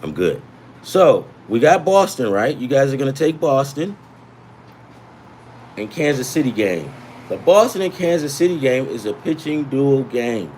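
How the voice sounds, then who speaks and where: A man's voice: medium pitch, sing-song, measured pace, a little mellow, a little hiss or hum. A man hosting a sports betting livestream, rambling and repeating himself as he gives emphatic tips and chats with viewers. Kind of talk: casual livestream talk.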